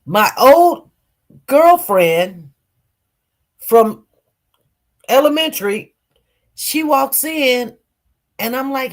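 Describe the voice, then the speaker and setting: A woman's voice: high-pitched, lively intonation, drawn-out words, pauses often. A woman telling personal stories to her viewers in a casual, rambling way, with many fillers and repeated words.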